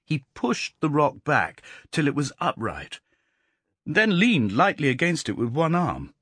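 A man reading a story aloud as an audiobook, expressive and voicing the characters in dialogue. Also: on the high side, unhurried, breathy edge, no room sound. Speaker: audiobook narrator. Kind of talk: storytelling narration.

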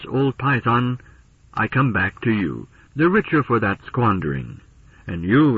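Brief: teasing, delighted far-future woman, read by a male narrator, husky voice, tinny distant radio sound. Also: fairly low pitch, no room sound.

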